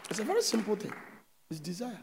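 A man preaching a sermon, emphatic and loud, switching between shouts and soft asides. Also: high-pitched, huge pitch swings, fast, creaky, long reverb tail, a loud crowd, very noisy.

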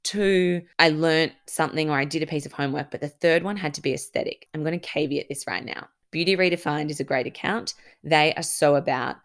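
Young woman, low voice, gravelly fry, candid chatty storytelling, casual swearing, podcast host. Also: brisk, hardly any pauses. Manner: candid and chatty, full of "like" and reported speech.

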